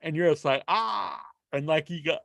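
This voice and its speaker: A man co-hosting a podcast in casual chat, an animated storyteller who laughs often and acts out sounds. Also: on the high side, fast talker, no room sound. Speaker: podcast co-host.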